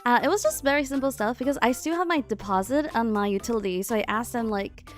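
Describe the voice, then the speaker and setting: A woman streamer chatting casually and softly from her living room, with lots of fillers and frequent laughter. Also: on the high side, fast talker, faint music behind. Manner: speaking softly. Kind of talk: casual chat.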